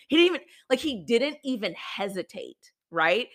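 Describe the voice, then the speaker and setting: Bright-voiced woman telling a personal story. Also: medium pitch, expressive, fairly quick, hardly any pauses. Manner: chatty, filler-heavy, candid, swears casually. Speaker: podcast host.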